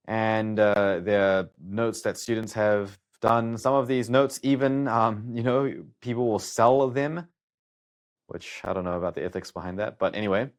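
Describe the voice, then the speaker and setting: A man going through students' study notes and explaining them in a casual, thinking-aloud way. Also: on the low side. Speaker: study coach.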